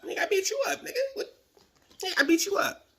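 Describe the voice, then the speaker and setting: A man's voice: extremely high pitch, big pitch swings, fast, background noise, pitched above the performer's own voice, heavily acted. A man voicing a big, brash male inmate who scoffs in disbelief, told as a story on a video blog. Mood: scoffing. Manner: incredulous, mocking.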